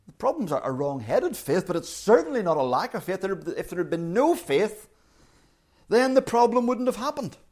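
A male preacher with a high voice that climbs and falls in wide, lively sweeps. He speaks earnestly and often drops to a hush or rises sharply as he acts out quoted lines. A light colours his words. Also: moderate pace. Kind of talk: sermon.

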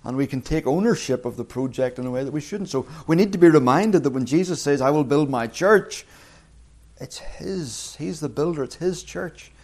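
A man preaching a sermon, earnest, slowing down and rising in pitch when quoting scripture. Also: mellow. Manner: earnest, slows and rises on scripture quotes.

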